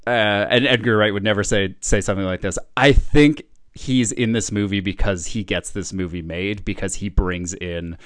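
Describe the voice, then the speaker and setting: A man's voice: lowish voice, fairly even intonation, moderate pace, dry recording, studio quality. A man co-hosting a casual film review chat, blunt and profane, often laughing as he talks. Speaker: podcast co-host.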